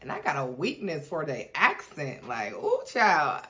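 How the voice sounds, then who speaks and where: Woman host, playful reaction chat, slow, lively up-and-down voice. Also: deep voice. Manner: playful, drawn-out, laughing asides. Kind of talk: casual reaction commentary.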